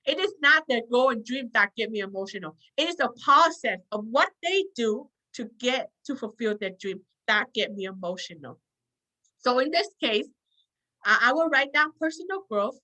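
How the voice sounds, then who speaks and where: Her voice a little high, pushed and bright, a woman runs a self-help workshop heard through poor audio. She comes across as earnest, goes over points repeatedly, and checks in often with "okay?".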